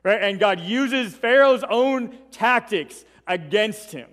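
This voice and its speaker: A male preacher gives a Bible lesson in a relaxed, conversational tone, punctuating his points with rhetorical questions. His voice sits slightly high. Long reverb from a large hall trails behind his words. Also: slow. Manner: conversational, tags points with "right?". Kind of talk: sermon, Bible teaching.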